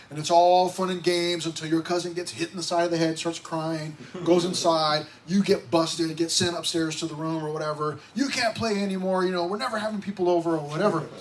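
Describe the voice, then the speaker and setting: A male pastor preaching in a conversational, animated way, acting out voices and asking rhetorical questions. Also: fairly high pitch, slight background noise, poor audio. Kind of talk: sermon.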